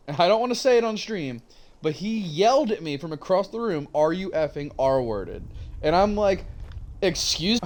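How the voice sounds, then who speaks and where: Animated, profane young man ranting. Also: fairly high pitch, a little hiss or hum. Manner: rambling, profane, animated storytelling. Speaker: streamer. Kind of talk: casual chat while gaming.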